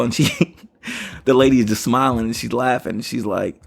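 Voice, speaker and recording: A man's voice: medium pitch, moderate pace, vocal fry, husky. A man hosting a podcast, telling a story in a rambling casual way and often saying "you know what I mean". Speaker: podcast host.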